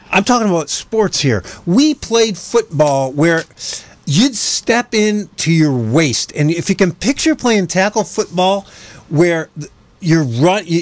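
A man hosting a casual sports talk show, telling stories in a rambling way with restarts and self-corrections. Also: sits high. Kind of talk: casual sports radio chat.

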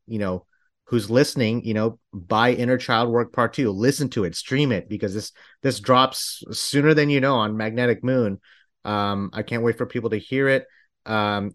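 A man's voice: fairly low pitch, a bit bright. Man, podcast host, loose rambling delivery, lots of restarts. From Texas. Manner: rambling, many restarts and fillers. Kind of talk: casual interview chat.

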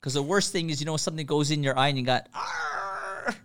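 A man's voice: on the high side, racing, fairly bright tone, smooth. A man talking shop as a podcast guest, enthusiastic and jokey, calling the host "man" and "brother.". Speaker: podcast guest, spray foam contractor. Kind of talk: casual chat.

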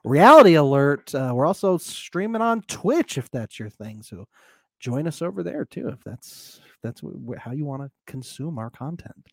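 A man's voice: a little high, sing-song, normal speed, creaky, dry recording, studio quality. A man co-hosting a casual podcast chat over a remote call, chatty and laughing often. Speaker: podcast co-host.

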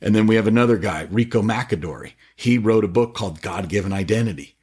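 A middle-aged man talking about faith on a podcast with eager, animated, preachy storytelling. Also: fairly low pitch, fast, breathy edge. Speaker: podcast guest, faith-based business owner. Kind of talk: casual podcast conversation.

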